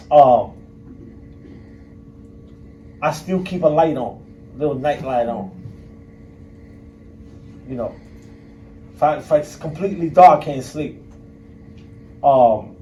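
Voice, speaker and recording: A man's voice: a little high, warm tone. A man in his fifties speaking as a guest speaker at a university event. He talks candidly and bluntly to the audience and swears casually. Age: 50s. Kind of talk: candid personal talk to an audience. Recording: distant mic with faint background noise.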